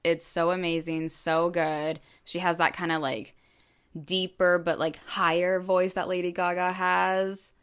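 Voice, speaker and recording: A woman's voice: fairly low pitch, little pitch movement, unhurried, fairly bright tone, smooth. A woman co-hosting a podcast, telling a story in casual chat with many fillers. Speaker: podcast co-host.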